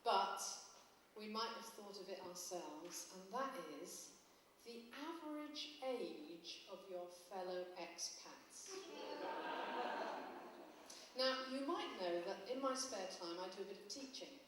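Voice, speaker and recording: A woman's voice: mid-range voice, animated, slow pace. Woman doing stand-up in an echoey hall, mic far off, noisy. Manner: chatty, wry storytelling to a live crowd. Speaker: stand-up comedian. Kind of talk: live stand-up comedy. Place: live show in a hall with audience.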